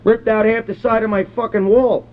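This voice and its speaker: A man's voice: sits high, little pitch movement, a little fast, close to an everyday voice. A man doing a foul-mouthed ranting rural guy. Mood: gruff, ranting. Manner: rambling, cursing constantly, belligerent. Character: crude foul-mouthed middle-aged rural man, hot-tempered. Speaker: prank caller. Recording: phone-line prank call recording.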